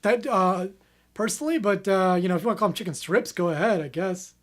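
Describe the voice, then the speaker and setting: A man's voice: high voice, quick pace. A man co-hosting a comedy podcast, reading out fan questions in an easygoing way with many fillers. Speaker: podcast co-host. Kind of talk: casual comedic chat.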